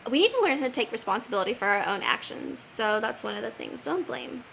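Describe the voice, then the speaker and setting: A young woman giving earnest advice in a casual vlog, animated and sincere, quoting scripture now and then. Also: a little high, quick pace, creaky, slight background noise, rough recording. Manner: earnest, animated, quotes Bible verses.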